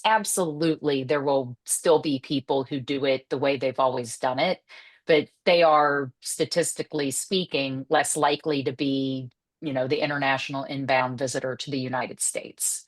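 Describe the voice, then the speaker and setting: Female guest, deep for a woman, brisk conversational delivery with fillers. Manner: quick, laughing, uses filler "like". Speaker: podcast guest. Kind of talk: casual podcast conversation.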